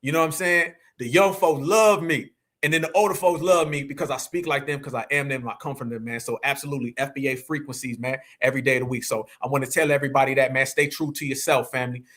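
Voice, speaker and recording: A middle-aged man, hosting an online show with loud, energetic, slang-filled commentary. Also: medium pitch, fast. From United States. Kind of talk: animated livestream commentary.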